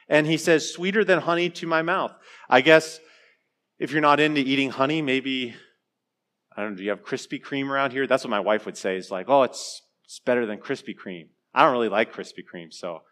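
A man's voice: on the high side, fairly bright tone. A man preaching a sermon in a conversational way, with joking asides and hesitant restarts. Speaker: pastor.

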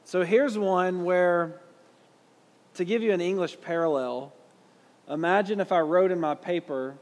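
A man's voice: high-pitched, measured pace, in a large hall. A man with a Southern US accent teaching a Bible class in a conversational way, putting questions to his listeners. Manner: conversational, asks the audience questions.

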